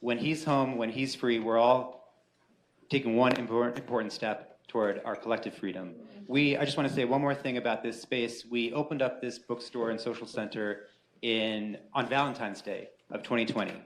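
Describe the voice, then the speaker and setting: A man welcomes guests in an echoey bookstore space, his speech earnest and full of small fillers. Faint noise sits under his medium-pitched voice. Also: fairly even intonation, moderate pace. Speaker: bookstore organizer giving welcome. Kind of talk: welcome speech at community event.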